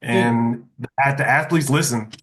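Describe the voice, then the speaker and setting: A man hosts a casual conversation and explains things in a relaxed, steady way. His voice sits at a middle pitch. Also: measured pace. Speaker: host. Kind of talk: casual chat.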